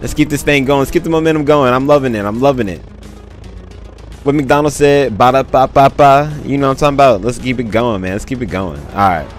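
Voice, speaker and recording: Man, game streamer, slangy, hyped casual commentary, mid pitch, faint background music. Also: fast. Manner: hyped, slangy, thanks viewers often.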